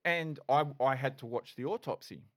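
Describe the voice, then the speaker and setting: A man's voice: medium pitch, normal speed. Frank middle-aged man. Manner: frank, animated, swears, restarts often. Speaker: podcast guest, former police officer. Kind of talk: candid conversational storytelling.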